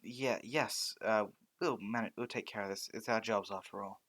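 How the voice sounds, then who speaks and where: A man's voice: lowish voice, steady tone, normal speed, a bit bright. A man doing a stammering, cowed hero. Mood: nervous. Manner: hesitant, stammering. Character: gruff adult male hero, intimidated. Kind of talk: fan story reading.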